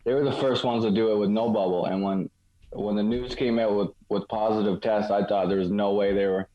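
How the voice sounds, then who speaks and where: Laid-back male co-host, rambles through his points, lowish voice. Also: steady tone, brisk, muffled recording. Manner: easygoing, rambling with restarts. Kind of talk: casual sports chat.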